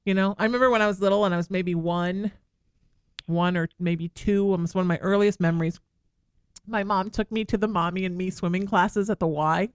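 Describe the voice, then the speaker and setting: Woman, radio host, soothing and tearful, smooth voice, dry studio sound. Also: mid-range voice, fairly even intonation, brisk, dry recording. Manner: soothing, affectionate, calls the caller sweetheart. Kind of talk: emotional advice to a caller. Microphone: studio microphone.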